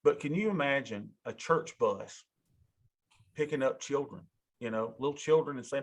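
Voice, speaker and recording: Gravelly man, folksy and emotional. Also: medium pitch, normal speed. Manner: folksy, emotional, talks to listeners as y'all. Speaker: financial advisor giving a talk. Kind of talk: casual rambling monologue.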